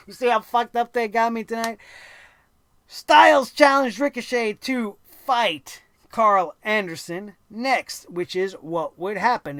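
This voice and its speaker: A man's voice: sits high, fairly bright tone, no room sound. A man hosting a wrestling review show, ranting bluntly and sarcastically with plenty of swearing.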